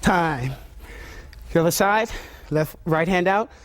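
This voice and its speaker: A man with a fairly high voice leads an instructional demonstration as a martial arts instructor. He calls out drill commands and talks through blocks and strikes step by step. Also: lively intonation, slow, a little hiss or hum.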